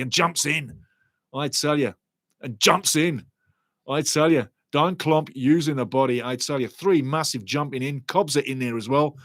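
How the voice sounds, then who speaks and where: An excitable man calls a match live and chats back at his viewers. His voice sits a little high, and he keeps looping his pet phrases. The sound is dry and close. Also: no room sound. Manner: excitable, chatty, repeats catchphrases. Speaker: watch-along commentator. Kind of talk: live match commentary with chat reading.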